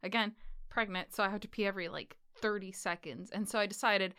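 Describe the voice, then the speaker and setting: A woman's voice: medium pitch, brisk, smooth. A woman chatting casually as a podcast guest, telling stories and acting out the voices of the people in them. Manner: animated storytelling, acting out dialogue.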